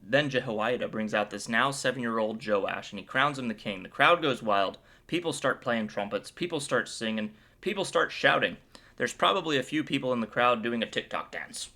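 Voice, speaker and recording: A man's voice: mid-range voice, moderate pace, bright, forceful tone. A man hosting a casual Bible commentary, upbeat and playful, cracking jokes as he retells the chapter. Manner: playful and joking; upbeat and enthusiastic. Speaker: Bible video host.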